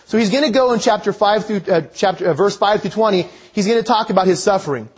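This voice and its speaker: A man's voice: sits high, quick pace, husky. A man preaching a sermon, reading verses aloud and explaining them, earnestly asking his listeners direct questions. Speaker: pastor. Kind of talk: sermon teaching on scripture.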